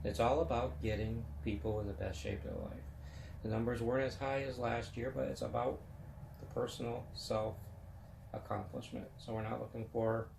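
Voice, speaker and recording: A man's voice: lowish voice, creaky, a little mellow, reverberant, a little hiss or hum. A man in his fifties hosting a web chat show, talking about sports in a rambling, folksy, casual way. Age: 50s.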